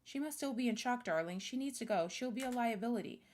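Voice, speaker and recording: A woman's voice: fairly high pitch, lively intonation, quick pace, a little mellow, lightly acted. A woman voicing a devoted young female mage who dotes on one companion and sneers at others. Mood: doting, snippy.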